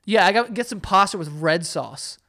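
A man's voice: high voice, expressive, normal speed, bright, forceful tone. A man co-hosting a podcast in casual banter, loose and joking, swearing freely. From Italian-American family. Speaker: podcast co-host.

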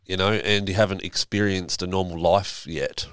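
A man with a very deep, smooth voice hosts a podcast, dropping quick "yep"s and easy slang. The sound is dry and close. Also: steady tone, a bit bright, dry recording. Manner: short affirmations, laid-back slang. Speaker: podcast host. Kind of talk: casual interview chat.

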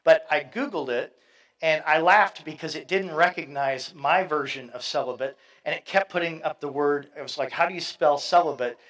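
Male pastor, middle-aged, preaching sermon, chatty asides, voice a bit high. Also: moderate pace, a bit bright, poor audio. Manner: conversational preaching with fillers and asides, reading scripture aloud.

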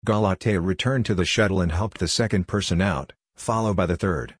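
A man narrating a science fiction story in a steady, plain reading voice. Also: sits low, a little fast, breathy edge, no echo, clean studio sound. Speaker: audiobook narrator. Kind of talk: scripted narration.

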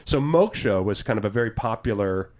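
A man's voice: fairly low pitch, expressive, fairly quick. A man hosting a podcast in a studio, interviewing a guest in a rambling, joking way. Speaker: podcast host. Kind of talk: casual podcast chat.

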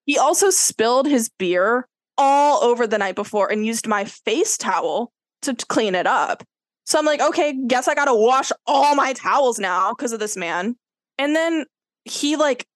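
A young woman with a fairly high voice tells a dating story on a podcast, filling every gap with "like" and acting out what each person said. Her voice is recorded close and dry. She is chatting casually with a friend. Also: normal speed, no echo. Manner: animated storyteller, fills with "like", acts out quotes. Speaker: podcast co-host.

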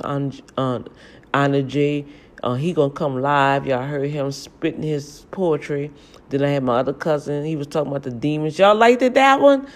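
A middle-aged woman, chatting casually in a storytelling vlog from a home kitchen, animated and laughing at herself. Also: a bass voice. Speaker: vlogger.

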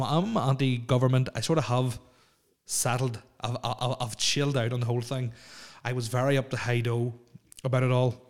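A man with a medium-pitched voice hosts a casual solo podcast, chatting alone in a house. He rambles and stammers, filling the air with fillers and frequent restarts.

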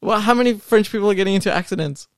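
A man's voice: high voice, racing, no echo, studio quality. A young man co-hosting a casual car podcast, opinionated and laughing often, trailing off with ums. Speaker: podcast co-host. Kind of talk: casual chat.

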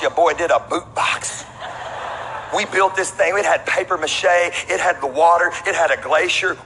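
A middle-aged man preaching with a bright, forceful voice and a slightly raised pitch. He tells stories in an animated way and calls out to the congregation. His voice rings with long reverb through a large church hall, with faint noise behind it. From Texas. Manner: animated storytelling preacher with call-and-response asides. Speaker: pastor. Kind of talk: sermon.

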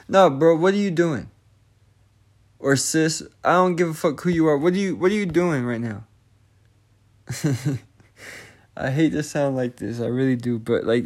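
A young man with a fairly high voice rants casually into the camera. His talk is slangy and full of swearing, and he keeps firing frustrated rhetorical questions at his listeners.

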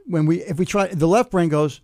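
A man in his seventies explaining humor in conversation and telling a joke slowly, step by step, with pauses. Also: fairly high pitch. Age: 70s. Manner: animated, builds jokes slowly with pauses.

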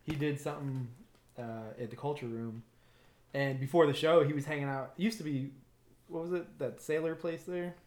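Male co-host, slightly high, teasing and laughing, roomy echo. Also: fairly even intonation, normal speed, darkish tone. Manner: joking, egging others on, laughs often. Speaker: podcast co-host. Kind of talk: casual chat.

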